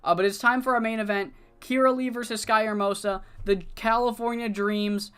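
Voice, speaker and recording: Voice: medium pitch, steady tone, normal speed, a bit bright, clean tone. A streamer casually narrating the events of a wrestling management game, swearing now and then. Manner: casual, profane play-by-play with fillers.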